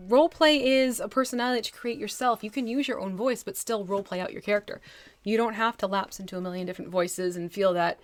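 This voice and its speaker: Woman, from the US, casual live-stream chat, mid-pitched, dry close sound, chatty, laughs often. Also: no echo. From United States (Texas, then New Jersey). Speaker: miniature painter and live streamer.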